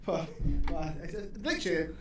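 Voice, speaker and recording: A man, a stand-up comedian chatting as a podcast guest, rambling and sweary, quick to laugh. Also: on the high side. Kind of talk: casual podcast chat. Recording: roomy echo, faint background hum.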